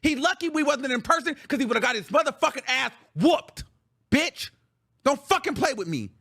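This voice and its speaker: A man's voice: very high voice, lively intonation, moderate pace, fairly bright tone. A male show host in a heated, profane reaction rant, venting with repeated phrases.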